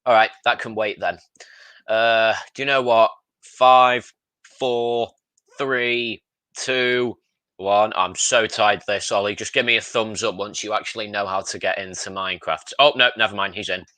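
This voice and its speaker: A man's voice: lowish voice, fairly even intonation, a little fast, pushed and bright, no room sound. A young man hosting a casual voice call, talking in a bossy, teasing way. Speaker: host of a story call. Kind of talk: casual chat over a voice call.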